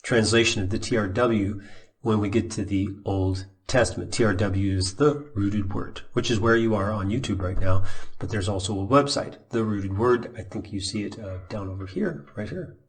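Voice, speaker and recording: A man's voice: fairly low pitch, normal speed. A man giving a recorded Bible lesson at his computer, talking casually and thinking aloud with restarts and asides. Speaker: Bible teacher. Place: at a computer, showing a website on screen.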